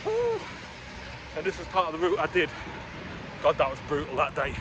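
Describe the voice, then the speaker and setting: A man's voice: a little high, fairly even intonation, fast, muffled recording. A middle-aged man from Newcastle with a Geordie accent tinged with London, chatting frankly while running outdoors through city streets and along a canal. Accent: Geordie mixed with London. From Newcastle, England. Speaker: running vlogger. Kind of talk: casual running vlog. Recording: clear urban background noise.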